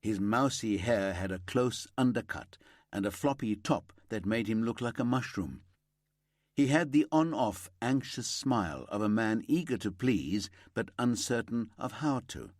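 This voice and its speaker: A male audiobook narrator with a lowish voice that rises and falls with lively, animated inflection. He tells the story steadily on a close mic. The read is dry, with no room sound. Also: measured pace, no room sound. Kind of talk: scripted narration of a crime thriller.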